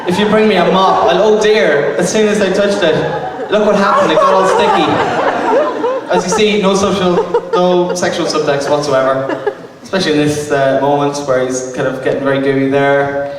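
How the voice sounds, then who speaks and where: A man delivers a comic lecture to a live crowd, stumbling through ums and restarts as he mocks himself. His voice sits a little high and comes from a distance. The hall around him rings with long echo, and a noisy hum runs underneath. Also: fairly even intonation, a little fast, few pauses. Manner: hesitant, self-mocking, many ums and restarts. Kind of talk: stand-up style comic lecture. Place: arts centre venue with live audience. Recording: echoey hall recorded from far off, noisy.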